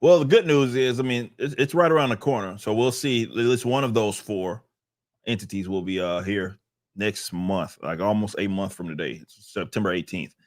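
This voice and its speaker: A man's voice: on the low side, moderate pace, dry recording, studio quality. A man co-hosting a casual podcast, talking in loose, rambling runs and laughing often. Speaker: podcast co-host.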